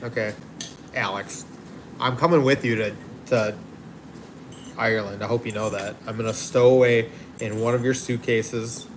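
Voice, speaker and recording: A man's voice: mid-range voice, steady tone, normal speed. An easygoing man chats on a casual livestream, rambling from one thought to the next and laughing easily. He sits outdoors, and a faint hiss of noise sits under his voice. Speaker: livestream host. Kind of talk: casual livestream chat, reading viewer comments.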